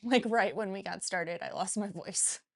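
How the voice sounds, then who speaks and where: A middle-aged woman with a hoarse voice, a chef hosting her cooking show in casual livestream chat and swearing casually. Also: medium pitch, moderate pace. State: hoarse, has lost her voice.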